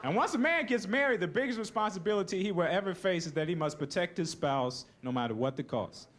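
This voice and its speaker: A man's voice: high voice, expressive, fast talker, a bit bright. A young man doing a laid-back stand-up comedy routine on stage. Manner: laid-back, keeps saying "you know, man". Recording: noisy live recording.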